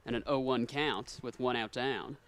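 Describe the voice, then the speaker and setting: A young man calling play-by-play for a high school softball game, quick on routine calls and rising on big plays. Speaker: play-by-play announcer. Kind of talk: sports commentary.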